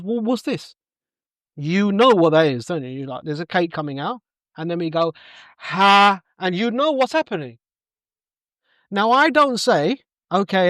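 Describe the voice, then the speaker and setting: This is a high-pitched middle-aged man, a coach talking on a podcast, recorded dry with clean studio sound. He's an animated storyteller in an interview-style chat, voicing the characters' dialogue as he goes.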